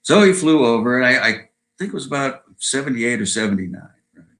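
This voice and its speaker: A man's voice: medium pitch, very animated, fast talker, a bit bright, poor audio. A man around seventy with an American accent, a guest chatting in a rambling way over a video call and tagging his sentences with "you know" and "right?". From Southern California. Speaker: guest musician. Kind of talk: casual interview chat.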